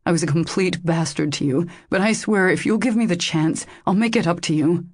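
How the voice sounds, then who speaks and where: A woman's voice: on the low side, brisk, no room sound, clean studio sound. A woman voicing a remorseful, stubborn man who speaks emphatically in an audiobook. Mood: determined. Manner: emphatic and determined. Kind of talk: audiobook character voice.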